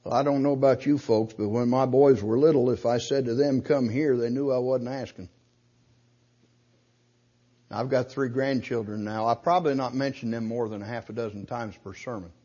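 A man's voice: mid-range voice, fairly even intonation, moderate pace, highs cut off. An older man preaching a sermon, pressing his point with rhetorical questions and punching key words. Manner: emphatic, rhetorical questions, rising to loud stresses.

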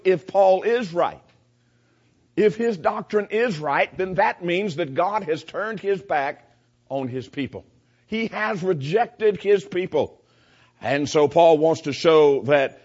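A man's voice: on the high side, a little mellow. A man giving a verse-by-verse Bible teaching, emphatic and repeating his key points. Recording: dull lo-fi recording.

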